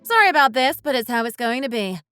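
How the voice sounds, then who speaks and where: A woman's voice: high-pitched, big pitch swings, quick pace, a bit bright, smooth, dry recording. Brief: woman as fed-up wife, accusing tone, light music behind, dry close sound. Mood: cold. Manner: bitter, accusing, blunt. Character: resentful wife fed up with her husband. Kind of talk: scripted dialogue drama.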